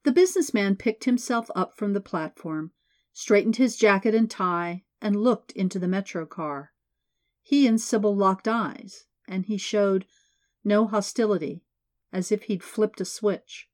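A woman narrating an audiobook in a measured, steady reading. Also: mid-range voice.

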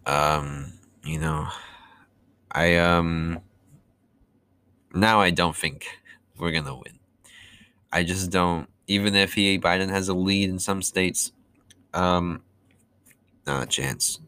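A man's voice: deep voice, bright, forceful tone, clear, resonant tone, dry recording. A young man recording a casual audio diary, rambling and sarcastic, with many fillers and restarts. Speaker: vlogger.

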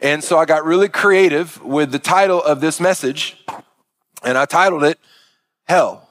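A middle-aged man, a pastor, telling a story in a sermon with many halting restarts. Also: on the high side, a bit bright, a little hiss or hum.

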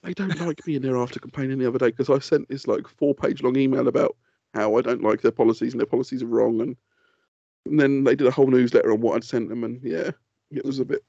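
A man's voice: medium pitch, steady tone, fast talker, gravelly, dark tone, no echo, muffled recording. A man co-hosting a podcast who tells rambling stories and laughs a lot. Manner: rambling storyteller, laughs often. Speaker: podcast co-host. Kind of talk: casual chat.

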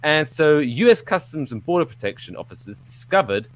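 A man hosting a live podcast, telling a rambling story in a playful, animated way, throwing in silly sound effects. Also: a little high, fairly quick. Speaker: podcast host. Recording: live show with audience.

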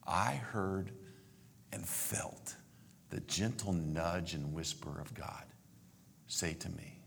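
A man in his sixties, a pastor telling a heartfelt story in a sermon, repeating himself when moved and sinking to a hushed near-whisper. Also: low-pitched, slow, gravelly, a little hiss or hum.

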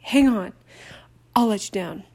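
A woman reading a testy teen boy wizard, exasperated, gravelly. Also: medium pitch, measured pace, a little mellow. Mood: defensive. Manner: defensive, exasperated. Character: defensive teenage boy wizard.

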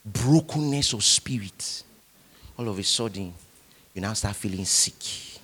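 A male pastor with a fairly low, slightly rough voice preaches at a measured pace. His delivery is animated, and he leads the congregation in call-and-response, having them repeat lines.

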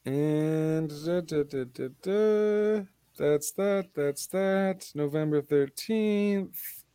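Young guy rambling thru a wrestling preview, kinda high voice, dry close sound. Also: extremely slow, dark tone, clean tone, no echo. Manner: rambling, filler-heavy, upbeat. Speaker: podcast host. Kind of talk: casual wrestling preview chat.

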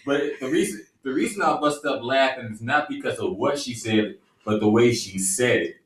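A man's voice: mid-range voice, expressive, normal speed, recorded from a distance. A man co-hosting a podcast in casual chat, who keeps giggling through his lines. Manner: giggly, apologetic laughter. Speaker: podcast co-host. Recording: roomy, off-mic.

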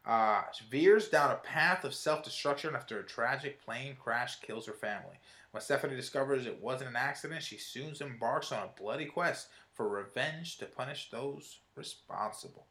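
A man talks through upcoming films in a relaxed, halting way, full of fillers and restarts. His voice sits at a middling pitch and rings a little in the room. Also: roomy sound. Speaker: movie review show co-host. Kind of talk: casual chat.

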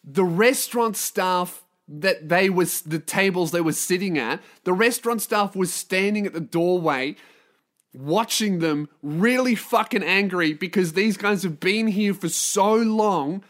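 A man's voice: high-pitched, a little slow, fairly bright tone. A man hosting a solo podcast, delivering a sweary, sarcastic rant. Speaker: podcast host.

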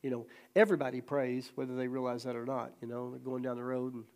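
Here a man leads Bible study at a fast clip, his voice medium in pitch. Lively and prone to laughter, he acts out the quotes as he tells his stories.

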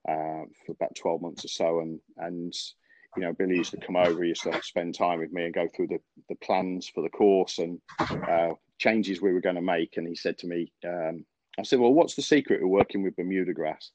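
A man's voice: low-pitched, flat delivery, normal speed, darkish tone, slight background noise. A man hosting a golf podcast, chatting casually and telling stories with lots of fillers and restarts. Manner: rambling, many fillers and restarts, laughs often. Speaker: podcast host, golf coach. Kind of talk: casual podcast chat, storytelling. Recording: dry, dull lo-fi podcast audio.

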